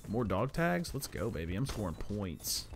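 Excitable male streamer over game music. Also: fairly low pitch. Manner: excitable, chatty with chat, quick reactions. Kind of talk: live gaming commentary. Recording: game music and gunfire in the mix. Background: game music and gunfire.

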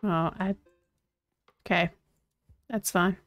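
A woman's voice: on the low side, fairly even intonation, slow pace, no echo. A woman streaming a cozy game, thinking aloud in casual, chatty commentary. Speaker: gaming streamer.

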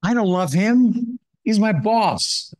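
A preacher playing a resentful older brother in a retold parable, complaining indignantly. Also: male voice, sits high, animated, takes it slowly, darkish tone, pitched above the performer's own voice. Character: resentful older brother, adult man, bitter.

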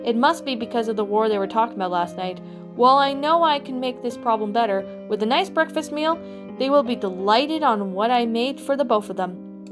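Woman doing a little boy bear cub, very high voice, curious, eager, storybook reading, faint music. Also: a little fast, lightly acted.

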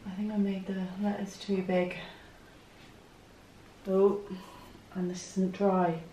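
A woman's voice: medium pitch, little pitch movement, slow, mellow, roomy sound, a little hiss or hum. A woman chatting casually while she works in her art studio, thinking aloud and poking fun at herself. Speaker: art vlogger.

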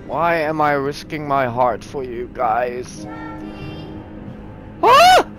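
A man's voice: mid-range voice, fairly even intonation, slow, over music. A young man commentating while playing a horror game, nervous and talking to himself, with sudden yelps and swearing. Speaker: gaming streamer.

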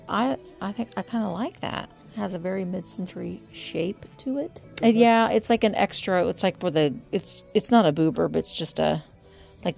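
Browsing an antique mall, a middle-aged woman who vlogs about vintage reselling narrates casually, musing aloud and calling out prices. She speaks on the low side, a little mellow, with vocal fry.

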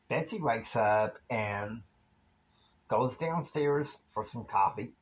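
A man's voice: mid-range voice, slow, poor audio. A man telling a rambling, casual story that meanders from one scene to the next, with fillers along the way. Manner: meandering, with fillers and time stamps.

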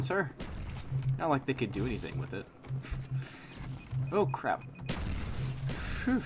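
A young man giving live gameplay commentary, playful and goofy, chatting to himself and teasing his opponents. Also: mid-range voice. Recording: noisy game audio behind. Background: game gunfire and explosions.

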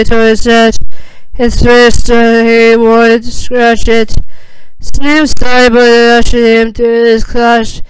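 A woman reading fan fiction aloud as narrator, slow and even with small hesitations. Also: on the high side, smooth, no echo, low-quality recording.

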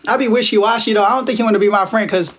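A man's voice: sits high, fairly even intonation, rapid-fire, a bit bright. A man in his twenties from Texas, hosting a casual livestream from home on his phone, teasing viewers and answering their comments in playful slang. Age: 20s. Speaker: livestream host.

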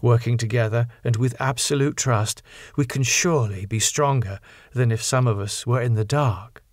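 A man reading an audiobook, voicing a gentle but resolute young woman who speaks gravely and appealingly. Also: mid-range voice, moderate pace, no room sound, clean studio sound, close to an everyday voice. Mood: earnest.

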